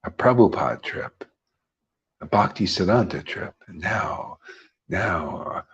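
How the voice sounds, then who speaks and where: A man's voice: sits low, lively intonation, a little slow, husky, lo-fi sound. A man hosting a devotional class, preaching informally in a rambling, emphatic way with frequent laughs. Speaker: host leading a devotional class.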